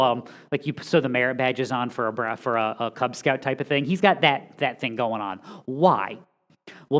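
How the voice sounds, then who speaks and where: A male pastor preaching an expository sermon, animated and joking, with self-deprecating asides. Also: fairly high pitch.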